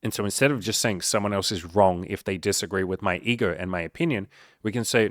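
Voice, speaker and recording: A man's voice: fairly low pitch, fast talker, fairly bright tone, no room sound, clean studio sound. Blunt, swearing male life coach. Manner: blunt and profane, heavy swearing; emphatic, mocks the listener's inner voice. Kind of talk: motivational monologue.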